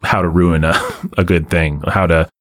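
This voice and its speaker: A man co-hosting a casual movie-review talk, rambling and animated, often laughing. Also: low voice, moderate pace. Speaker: podcast co-host reviewing a movie. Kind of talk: casual chat.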